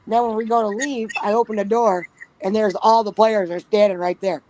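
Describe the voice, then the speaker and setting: A woman's voice: mid-range voice, steady tone, brisk, a little mellow, a little hiss or hum, low-quality recording. Woman telling a story on a call from home, cusses a lot, giggly, pet snoring faintly in back. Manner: blunt, swears freely, giggles. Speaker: panel guest. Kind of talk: casual storytelling. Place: at home with pets nearby. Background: dog snoring.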